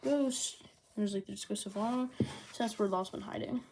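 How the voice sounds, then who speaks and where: A woman recapping a manga volume in casual chat, sarcastic and quick to throw in little impressions of the characters. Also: mid-range voice, noisy background. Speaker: manga reviewer.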